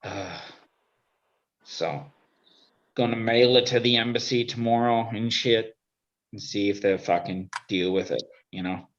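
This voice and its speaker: A man's voice: fairly low pitch, measured pace, long pauses. A man chatting casually on a video call, laid-back, swearing now and then and trailing off into mumbles. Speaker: guest on a video-call chat show. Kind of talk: casual chat. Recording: dull lo-fi video call audio.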